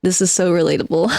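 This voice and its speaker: A woman streamer reacting in excited, chatty asides during a live stream. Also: mid-range voice, vocal fry, dry recording, clean studio sound. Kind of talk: live stream reaction while reading aloud.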